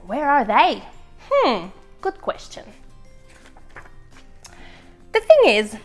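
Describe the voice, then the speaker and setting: A chatty, easily flustered little boy egg, put on by a woman in a storytime read-aloud. The voice sits high and swoops all over, unhurried, with faint music underneath. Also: a bit bright, heavily acted. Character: chatty, anxious little male egg, loyal leader.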